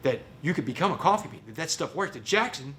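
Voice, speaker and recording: A man with a Texan accent giving a motivational storytelling speech. He is animated and folksy, and keeps calling the audience "y'all". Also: a little high, fast talker, a little hiss or hum. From Port Arthur, Texas. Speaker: motivational speaker.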